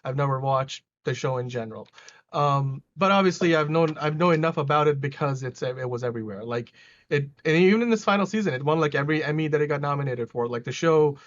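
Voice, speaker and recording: Inquisitive male podcast co-host, higher voice, slightly muffled audio. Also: fast. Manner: chatty, asks questions, self-interrupting. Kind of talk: casual podcast chat.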